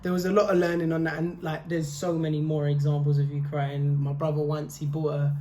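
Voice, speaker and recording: Brief: young woman, somewhat low voice, animated, playfully exasperated. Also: brisk, a little hiss or hum. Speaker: podcast co-host. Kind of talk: casual storytelling chat.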